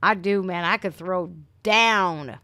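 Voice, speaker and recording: A woman's voice: fairly low pitch, slow pace, bright, forceful tone, dry recording. A middle-aged woman from Northeast Ohio hosting a casual livestream, chatting with viewers and swearing freely. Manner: chatty, swears freely, says "man" and "dude". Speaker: livestream host. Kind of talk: casual livestream chat reading comments.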